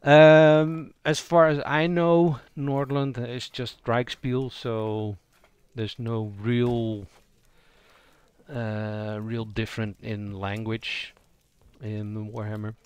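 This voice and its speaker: A man's voice: mid-range voice, little pitch movement, very slow, clear, resonant tone. A man giving a casual spoken tutorial on voicing roleplaying characters, thinking aloud and improvising as he goes. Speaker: roleplaying game player explaining character voices.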